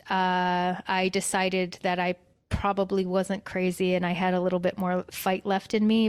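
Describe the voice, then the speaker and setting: A woman's voice: on the low side, clean tone, dry recording, clean studio sound. A young adult woman telling an emotional personal story as a guest, with many fillers and restarts.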